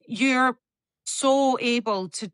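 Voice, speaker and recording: A woman on a podcast, chatting casually and spinning stories with plenty of swearing. Her voice sits a touch high and sounds dry and close, with no room around it. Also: very slow, clean tone, no room sound. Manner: chatty, swearing, animated storytelling. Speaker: podcast co-host. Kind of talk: casual chat. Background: talking while tending a dog.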